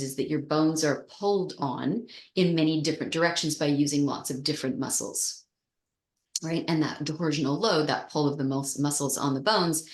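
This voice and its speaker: A woman's voice: low voice, roomy sound. A woman teacher explaining bone health in an interview, thoughtful and searching for words with frequent restarts. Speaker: osteoporosis exercise teacher.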